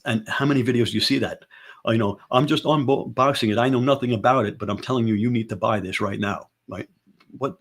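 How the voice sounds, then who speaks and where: Host, male, lowish husky voice, emphatic casual advice, loves rhetorical questions. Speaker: show host. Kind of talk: casual ranting advice talk.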